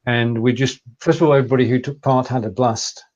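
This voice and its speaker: A man's voice: medium pitch, steady tone, quick pace, darkish tone. Man hosting a lo-fi live stream. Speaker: co-host of a live video show. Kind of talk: casual live-stream chat.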